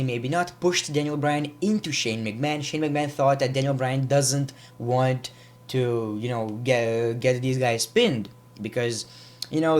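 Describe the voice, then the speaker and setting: A man giving a casual, rambling wrestling review, with frequent restarts and repeated words. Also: medium pitch. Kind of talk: casual vlog commentary.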